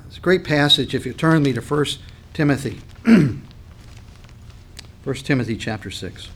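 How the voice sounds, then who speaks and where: A man preaching a sermon, swelling his voice on key points, then dropping it low, and clearing his throat now and then. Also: animated, unhurried, a little hiss or hum. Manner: dynamic preaching, voice swells and drops with emphasis. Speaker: pastor.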